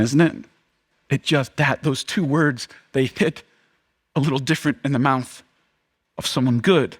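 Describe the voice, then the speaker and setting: A man preaching a sermon as pastor, chatty and conversational, swinging between lively emphasis and hushed, slow moments. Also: mid-range voice, breathy edge. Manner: casual, conversational preaching with many fillers.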